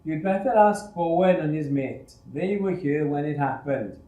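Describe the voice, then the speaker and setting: A livid charge hand roars at the troublemakers in a loud, strained voice, put on by a male storyteller. Echo hangs around the reading. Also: a little high, a little slow, voice pushed up, lightly acted. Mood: weary. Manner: shouting furiously. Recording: roomy echo.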